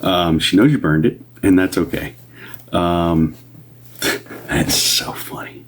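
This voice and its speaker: A deep-voiced man on a casual livestream, rambling through his readings with fillers. He pops up higher to welcome viewers and sometimes drops to a soft whisper. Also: takes it slowly, a little hiss or hum. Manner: chatty, greets viewers in a higher upbeat voice. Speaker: medium doing live readings.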